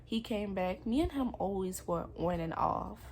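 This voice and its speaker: A woman's voice: mid-range voice, animated, normal speed, darkish tone, slight background noise. A young woman candidly telling a painful personal story in a confessional vlog, emotional and rambling.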